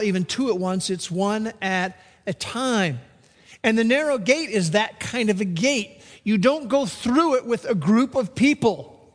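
A male pastor preaching a sermon, slow and deliberate, now and then acting out comic voices. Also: high-pitched, in a large hall.

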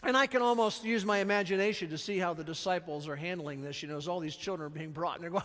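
A middle-aged man preaching a sermon, animated and storytelling, dropping to soft, slow stresses. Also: sits high. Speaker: pastor. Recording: long reverb of a large hall.

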